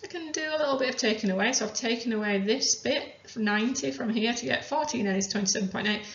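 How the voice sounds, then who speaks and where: A woman chemistry teacher calmly talking through worked examples step by step. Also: fairly high pitch, fast talker, slight background noise. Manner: methodical, talks through each step aloud. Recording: roomy, dull lo-fi sound.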